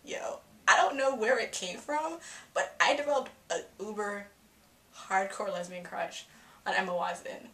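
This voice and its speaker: Excitable young woman, bright voice. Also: medium pitch, measured pace. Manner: excitable, profane, acts out her reactions. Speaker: film reviewer. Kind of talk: casual movie reaction vlog. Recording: echoey room.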